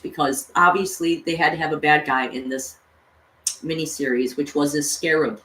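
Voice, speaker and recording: A woman's voice: sits low, fairly even intonation, moderate pace, a bit bright. A woman vlogger casually retelling a cartoon story, rambling with lots of fillers. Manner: rambling, full of "you know" and "like". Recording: echoey room, distant mic, faint noise.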